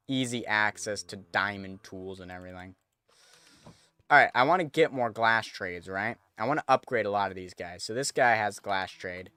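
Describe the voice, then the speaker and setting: A man's voice: on the low side, normal speed, pushed and bright, clear, resonant tone. A man streaming a game, chatting casually to viewers as he thinks aloud and corrects himself. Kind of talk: casual gameplay commentary.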